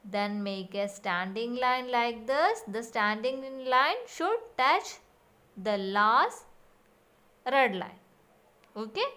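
A woman's voice: fairly high pitch, lively intonation, takes it slowly, sharp tone. A woman teacher giving a recorded lesson for young children and repeating sounds and steps in a sing-song way.

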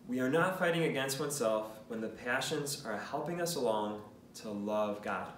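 A man's voice: mid-range voice, moderate pace, a bit bright, a little hiss or hum. A man, a priest, teaching a lesson in an earnest, casual way, asking the listener questions. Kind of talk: conversational teaching talk. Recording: roomy, mic at a distance.

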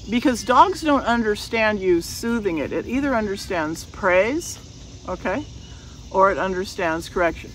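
Woman dog breeder, casual talk to camera, mid pitch, firm and repetitive, rural outdoor sound. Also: distant mic, slight background noise, low-quality recording. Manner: firm, matter-of-fact, repeats points for emphasis.

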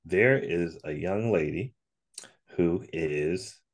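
Male podcast guest with a very low voice, easygoing storyteller, casual. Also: takes it slowly. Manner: laid-back storyteller, laughs often. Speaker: podcast guest and co-host of another podcast. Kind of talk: casual interview chat.

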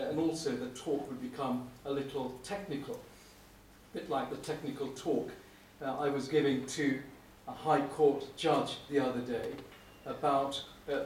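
A middle-aged man, a prosecuting barrister, giving a wry, anecdotal conference lecture with frequent "uh" pauses. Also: mid-range voice, darkish tone. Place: lecture hall. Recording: echoey room, speaker far from mic, faint hum.

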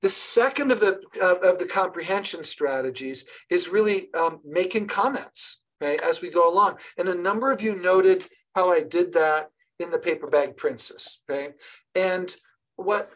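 Lively woman leading a teacher training. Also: lowish voice, normal speed, poor audio. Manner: lively and encouraging, with many restarts. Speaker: early childhood literacy trainer. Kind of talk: online professional development session.

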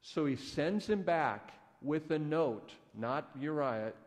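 A man's voice: a little high, expressive, slow pace. A man who is a pastor, telling a story in a conversational, folksy sermon in a church. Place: church sanctuary. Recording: echoey church hall.

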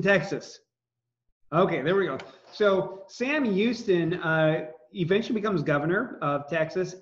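Chatty, rather high male history teacher. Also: lo-fi sound. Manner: chatty, joking asides, many fillers. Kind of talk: classroom lecture. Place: classroom.

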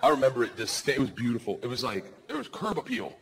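A man doing a stand-up comedy set on stage, telling crude stories loudly and slipping into squealing voices. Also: mid-range voice, very animated, fast talker, gravelly, background noise. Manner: loud, rowdy storytelling with crude jokes and squealing put-on voices. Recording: live venue with crowd laughter.

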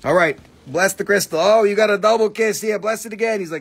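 A man's voice: on the high side, a little fast, creaky, few pauses, husky. A man hosting a live crystal sale, joking and swearing freely as he prices stones. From Appalachian region, US. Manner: joking, swears freely, slips into silly voices. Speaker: livestream crystal seller. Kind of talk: casual live sales chat.

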